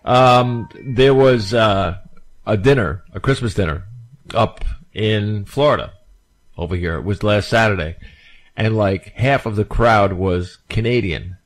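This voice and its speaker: Chatty low-voiced radio host. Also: male voice, a little slow. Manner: chatty, laughing, stumbling over words. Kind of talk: casual radio chat.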